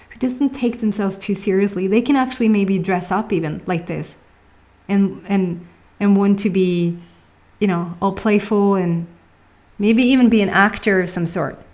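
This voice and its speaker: A woman's voice: mid-range voice, a little mellow. A woman with a Swedish accent giving a casual tarot reading, chatty, laughing often and searching for words. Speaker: tarot reader.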